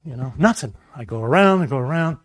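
A man preaching a sermon, telling a personal story in a lively way and acting out the voices in it. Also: medium pitch, fast, no echo. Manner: animated storyteller, acts out voices.

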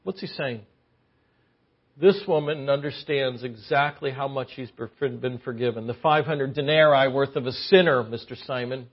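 A man preaching a sermon, shifting from quiet storytelling to loud, impassioned exhortation. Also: medium pitch, normal speed, slightly rough, highs cut off.

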